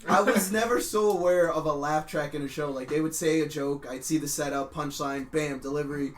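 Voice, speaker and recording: A man's voice: on the high side, a little fast, reverberant, slight background noise. A man hosting a podcast, chatting casually and telling stories with frequent laughs. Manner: laughs often, animated storytelling. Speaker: podcast host. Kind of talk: casual chat.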